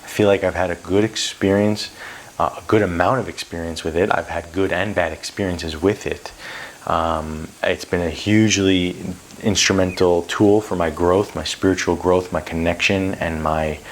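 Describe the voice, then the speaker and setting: Deep-voiced man telling an intense story. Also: fairly even intonation, moderate pace, a little hiss or hum. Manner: intense, rambling, swears freely. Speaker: YouTuber telling a personal story. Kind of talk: casual storytelling vlog. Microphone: close to camera.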